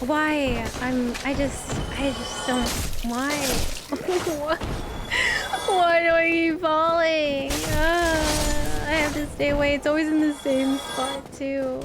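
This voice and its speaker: A woman streaming a game live, panicking with rapid repeated no's and greeting her viewers by name. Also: high-pitched, fairly even intonation. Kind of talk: live gameplay commentary. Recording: loud music behind the voice.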